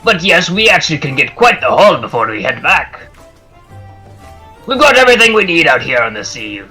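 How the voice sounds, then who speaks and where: A man's voice: fairly high pitch, big pitch swings, normal speed, pushed and bright, faint music behind, voice pushed up, exaggerated voice, rough recording. A man voicing a swaggering, one-handed old pirate captain in a tabletop game, boastful and bluffing. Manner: boastful, bluffing, folksy sailor talk.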